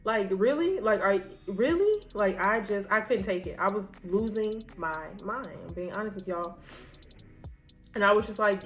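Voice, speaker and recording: A woman's voice: mid-range voice, expressive, moderate pace. A woman of about thirty, a law student chatting candidly to her viewers while doing her makeup at home, rambling and saying y'all. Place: home, near her bed.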